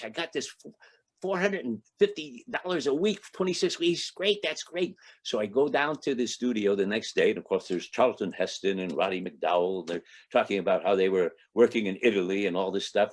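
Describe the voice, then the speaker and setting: A man in his eighties from Toledo, Ohio, telling an anecdote to a club audience as a guest speaker, chuckling and acting out the dialogue in a raised voice. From Toledo, Ohio, United States. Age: 80s. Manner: lively raconteur, acts out quoted dialogue with raised pitch; chuckles between lines, frequent restarts.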